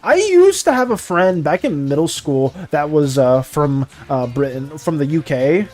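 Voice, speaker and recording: A young man chatting casually with viewers on a live art stream, animated and apologetic, rambling with frequent restarts and laughs. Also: fairly high pitch, a little slow, faint music behind.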